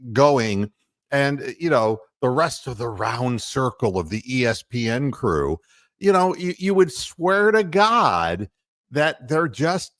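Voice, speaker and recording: A man's voice: mid-range voice, a bit bright, dry recording, clean studio sound. A man from Ohio hosting a casual sports talk show, rambling and heated, full of fillers and mocking quotes. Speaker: podcast host.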